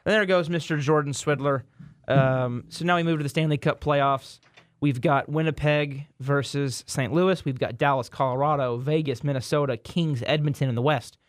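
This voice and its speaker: A man's voice: on the high side, fairly even intonation, moderate pace, no room sound. Rambling male sports podcast host. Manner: rambling, repeats words and restarts, self-deprecating. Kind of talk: casual sports chat.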